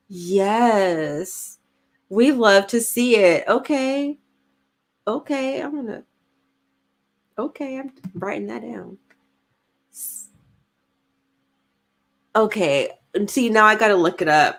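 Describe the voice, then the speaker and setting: A woman's voice: mid-range voice, lively intonation, slow, long pauses. A woman, co-hosting a casual livestream, chatty and giggly as she reads comments aloud. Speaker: podcast co-host reading live chat.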